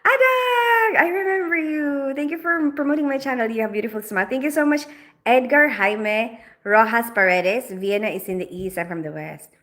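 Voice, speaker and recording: Woman, mixed Filipino-British accent, crisp bright tone, slightly high voice, chatty livestream host, laughs a lot. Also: fairly quick. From Philippines. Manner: chatty, laughs often, thinks aloud. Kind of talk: casual live chat reading comments. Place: home, lit for camera.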